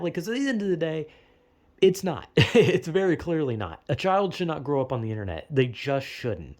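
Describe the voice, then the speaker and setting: A man's voice: on the high side, sing-song, moderate pace, a little mellow. A young man giving a rambling, profane casual commentary, often stumbling and restarting. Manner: profane, rambling, self-interrupting with laughs. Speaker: video essayist.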